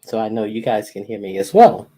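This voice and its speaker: Her voice rumbles low with a warm tone and a breathy edge, and she speaks briskly and with animation. Hosting a laid-back livestream, she goes through viewers' names one by one, ribbing them playfully, through an echoey computer or phone microphone.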